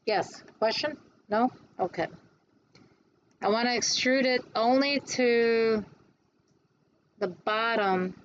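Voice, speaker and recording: A woman instructor giving a classroom lecture on design software, chatty and quick to answer her own questions. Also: a little high, dull audio, slight background noise.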